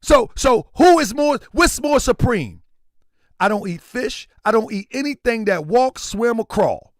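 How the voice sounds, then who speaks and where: A man's voice: extremely high pitch, measured pace, dry recording, clean studio sound. A man hosting a livestream, talking casually and preaching at times, often raising his voice. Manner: animated, preachy, shouting at times. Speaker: livestream host.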